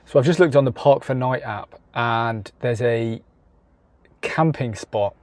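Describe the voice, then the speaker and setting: A man's voice: mid-range voice, measured pace. A man chatting casually on a travel vlog, self-deprecating and laughing at himself, recorded in a car and outdoors. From England. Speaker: travel vlogger. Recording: noisy car and outdoor background. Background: car and traffic noise.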